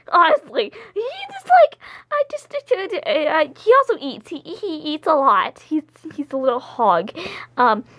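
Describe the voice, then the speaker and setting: Woman playing a very high, lively little girl character, blunt, fumbling for words, dry close sound. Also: no room sound, heavily acted. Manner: blunt, hesitant, many fillers.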